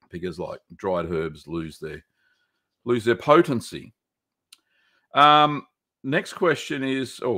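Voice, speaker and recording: Easygoing Australian man, lowish voice. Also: fairly bright tone. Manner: rambling, easygoing, many ums and uhs. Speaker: host answering viewer questions. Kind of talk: casual live-stream chat.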